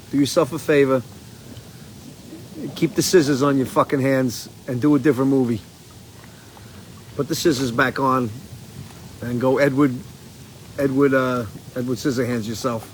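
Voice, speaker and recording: A slightly stoned man rambles and curses through animated stories while live streaming casually from a porch outside. He has a mid-range voice, a moderate pace, and frequent pauses, captured in a rough recording with slight background noise.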